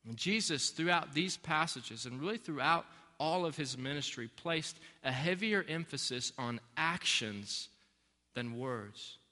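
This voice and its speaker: A man preaches in a church sanctuary, his bright, somewhat high voice ringing with a long hall reverb. He speaks earnestly and repeats key phrases to drive them home. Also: animated, measured pace. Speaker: pastor. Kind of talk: sermon.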